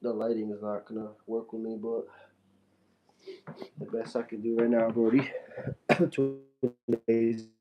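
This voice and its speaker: A man's voice: lowish voice, level tone, measured pace, long pauses, muffled recording. A man on a casual live stream, reading out viewer comments and answering them loosely and playfully into his phone. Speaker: fitness streamer.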